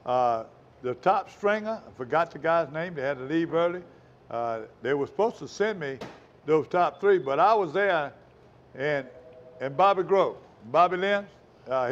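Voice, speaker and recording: A man's voice: a little high, dull audio. A man hosting a fishing show, rambling in a folksy, casual way. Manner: rambling, folksy, talks with mouth full. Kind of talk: casual chat.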